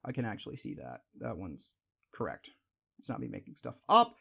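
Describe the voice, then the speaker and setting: A man's voice: on the low side, huge pitch swings, a little fast, gravelly, sharp tone, slightly rough. A young man hosting a card-opening video, rambling in casual asides and exclaiming over shiny pulls. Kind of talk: casual pack-opening chat.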